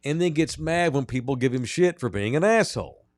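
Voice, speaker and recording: A man's voice: mid-range voice, lively intonation, brisk, no room sound, studio quality. A man co-hosting a sports podcast, telling stories in a blunt, profane way. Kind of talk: casual sports chat.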